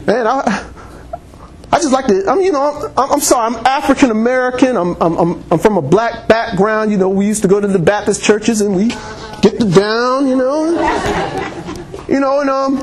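A man's voice: extremely high pitch, normal speed, over music, crowd noise. A man preaching a sermon in church, reading scripture and calling on the congregation for amens, laughing often.

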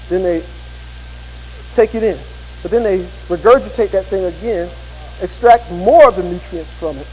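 Very high-pitched male pastor, folksy storyteller turning fervent, long hall reverb. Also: slight background noise. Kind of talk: sermon.

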